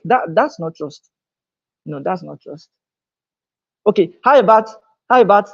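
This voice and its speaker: A woman's voice: expressive, a little slow, vocal fry, long pauses, slightly rough. Emphatic woman speaker at a business seminar. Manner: emphatic, repeats words and restarts phrases; voice climbs higher and louder on key points. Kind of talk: motivational business seminar talk. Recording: dull lo-fi sound.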